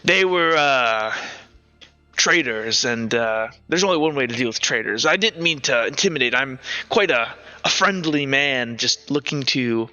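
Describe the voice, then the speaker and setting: A man voicing a nonchalant male siren crime lord who speaks with offhand menace. He talks at a higher pitch than his own voice. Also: animated, measured pace, bright, forceful tone, soft background music. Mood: casually menacing. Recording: dull lo-fi audio.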